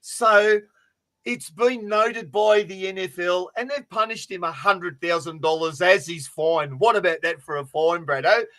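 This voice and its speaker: Sweary, animated New bloke. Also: male voice, high voice, a little slow. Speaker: podcast co-host. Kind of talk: casual fantasy sports podcast banter.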